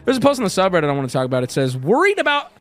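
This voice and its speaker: A man streaming, riffing in casual commentary with crude jokes, lurching between loud rants and low mutters. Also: very animated, very fast, faint music behind.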